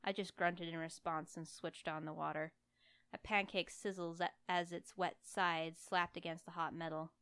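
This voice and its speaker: A woman reads a first-person story aloud, her narration wry and lively. Her voice sits on the low side, smooth and clear. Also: moderate pace, dry recording. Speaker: audiobook reader. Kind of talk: first-person fiction reading.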